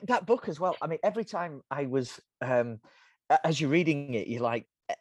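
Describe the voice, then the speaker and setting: A man's voice: a little high, animated, a little fast, a little mellow, dry recording. A man hosting a podcast, chatting casually, laughing often and tripping over his restarts. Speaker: podcast host.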